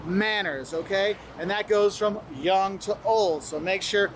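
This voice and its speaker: A man's voice: high-pitched, measured pace, slight background noise. A man giving friendly, instructive travel advice to camera, sometimes acting out what locals say. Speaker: travel video host. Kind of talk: advice video, spoken to camera.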